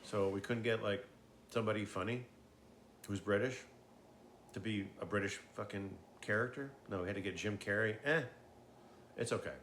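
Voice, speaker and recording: A man with a fairly low voice rambles casually, slightly tipsy, swearing often and restarting his sentences. He trails off with fillers as he goes. Faint background noise sits behind him. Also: normal speed, long pauses, fairly bright tone. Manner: meandering, profane, frequent fillers and restarts. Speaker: host.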